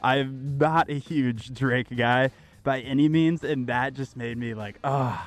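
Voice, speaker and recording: A man's voice: mid-range voice, takes it slowly. A man hosting a casual sports podcast, introducing clips and reacting to them. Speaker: podcast host.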